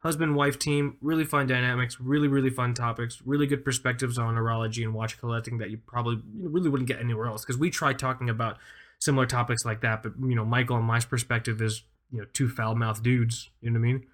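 A man's voice: medium pitch, fairly even intonation, fast, fairly bright tone. A man in his thirties co-hosting a casual podcast, rambling enthusiastically with lots of fillers. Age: 30s. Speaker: podcast co-host.

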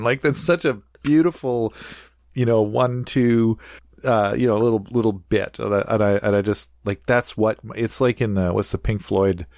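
Low-voiced guy chatting eagerly about a movie, laughs a lot, dry close sound. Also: fairly even intonation, moderate pace, darkish tone, no echo. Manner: enthusiastic, laughing, acts out quoted lines. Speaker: podcast host. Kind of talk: casual film discussion.

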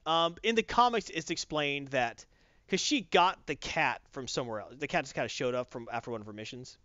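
A man chatting casually about a movie, acting out quotes in quick voices. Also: medium pitch, bright, forceful tone, no room sound, lo-fi sound. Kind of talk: casual chat, movie review.

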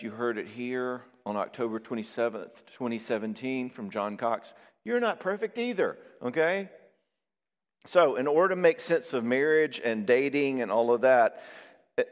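A man preaching a sermon on marriage, lively and conversational, acting out quoted voices now and then. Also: medium pitch. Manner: animated, acts out quoted voices. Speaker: pastor and therapist. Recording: long reverb of a hall.

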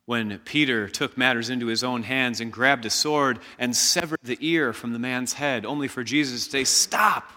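A man preaching a sermon as pastor, slow and emphatic, leading the congregation in call-and-response shouts. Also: medium pitch, big-room sound.

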